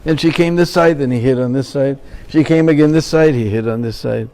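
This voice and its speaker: A man's voice: medium pitch, brisk, dark tone, slight background noise. A man preaching in a temple, telling a sacred story and checking in with his listeners. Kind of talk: sermon storytelling.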